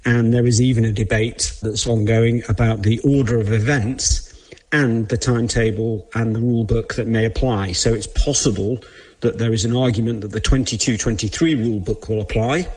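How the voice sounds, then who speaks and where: A man's voice: on the low side, fairly even intonation, normal speed, darkish tone, slightly rough. A man giving careful explanatory commentary as an analyst.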